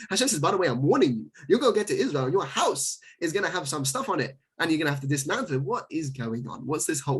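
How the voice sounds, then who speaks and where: A male rabbi giving a Torah class in an animated, joking way, with frequent exclamations. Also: a little high, slightly rough.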